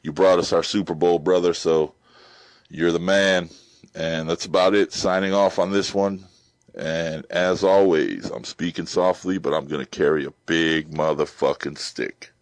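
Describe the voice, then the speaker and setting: Male caller, extremely low voice, laid-back, cursing, dry close sound. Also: fairly even intonation, unhurried, no echo. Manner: laid-back, swearing, fan enthusiasm. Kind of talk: recorded call-in message.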